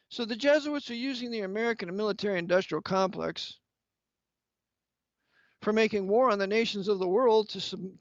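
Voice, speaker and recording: In a high voice, a man delivers an angry, emphatic sermon-style lecture, firing rhetorical questions at the listener. The recording is dull, lo-fi, and dry, with no echo.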